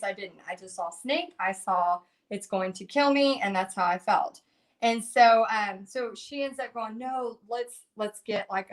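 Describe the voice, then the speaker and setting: A middle-aged woman chats casually on a livestream, her voice sitting a little high for a woman. She talks in an animated, rambling way, restarting sentences and filling gaps with "um" and "you know.". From Texas. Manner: chatty and animated, many fillers and restarts. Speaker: painting instructor on a Facebook Live.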